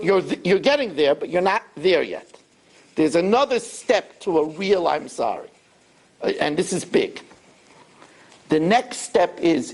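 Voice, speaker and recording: A middle-aged rabbi giving a sermon, telling stories and acting out quotes. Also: male voice, on the high side, vocal fry, slightly rough. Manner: animated storytelling, acts out quotes.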